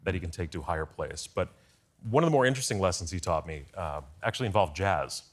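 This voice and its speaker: A man guesting on a talk show, telling lively stories in quick bursts. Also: sits low. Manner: lively storyteller, quick asides. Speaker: guest, former speechwriter.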